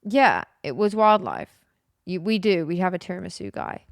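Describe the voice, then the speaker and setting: A woman's voice: on the low side, big pitch swings, moderate pace, no room sound, clean studio sound. A young woman chatting casually on a live stream, rambling and giggly.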